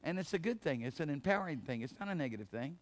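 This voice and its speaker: A man's voice: fairly high pitch, expressive, very fast. Man preaching in an emphatic, chatty way. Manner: emphatic, conversational preaching with laughs and asides. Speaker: pastor. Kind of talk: sermon.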